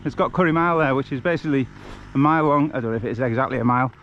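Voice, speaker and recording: An English man with a mid-range voice talks rapid-fire as he walks a rural road on a charity walk, vlogging on a handheld camera outdoors. He's chatty, rambles through stories, and laughs often. The lo-fi audio carries a little hiss or hum.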